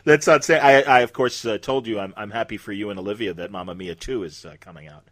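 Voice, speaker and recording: A man's voice: fairly low pitch, fast, dry recording. A man hosting a podcast in casual chat, laughing often and giving short agreeing replies. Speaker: podcast host. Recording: dry close sound.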